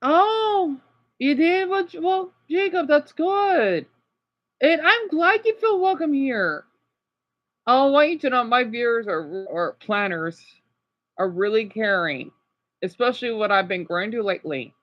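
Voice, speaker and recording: A man's voice: very high voice, animated, unhurried, lo-fi sound. A man livestreaming and chatting with his viewers in a rambling, upset way, with many restarts and apologies. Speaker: livestreamer reacting to videos.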